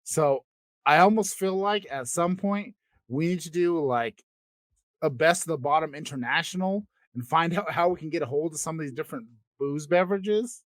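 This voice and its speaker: A man's voice: a little high, moderate pace, no echo. A man co-hosting a podcast in casual chat, rambling, trailing off and restarting his sentences, swearing now and then. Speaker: podcast co-host.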